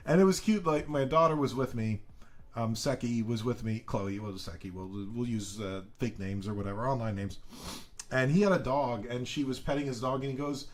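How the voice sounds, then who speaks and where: A man hosting a casual live stream, telling rambling stories and greeting viewers by name with excitement. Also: mid-range voice, a little fast. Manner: chatty rambling storytelling. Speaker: live stream coin seller.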